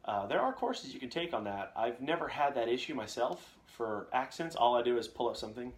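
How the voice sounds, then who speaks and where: Very animated and a little fast, a young man talks with hardly any pauses in a mid-range voice. He's a voice actor hosting a casual live Q&A from home on a shielded condenser mic, joking with viewers and reading out their comments.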